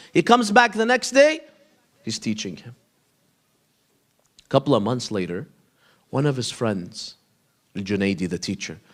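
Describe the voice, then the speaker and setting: A man telling a story in a sermon, animated, acting out the dialogue between the people in it. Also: a little high. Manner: animated storyteller, acts out dialogue in quoted voices. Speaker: preacher. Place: mosque hall.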